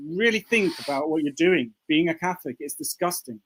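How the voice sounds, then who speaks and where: A man's voice: a little high, lively intonation, a little fast, fairly bright tone. A man on a live-stream panel who argues in an accusing, insistent way and repeats his points. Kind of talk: heated live-stream debate.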